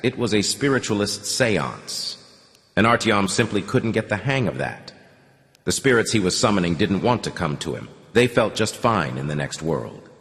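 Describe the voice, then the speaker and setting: Brief: somber male audiobook reader; low, measured, echoing. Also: a bit bright. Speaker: audiobook narrator. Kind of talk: scripted narration. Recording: long reverb.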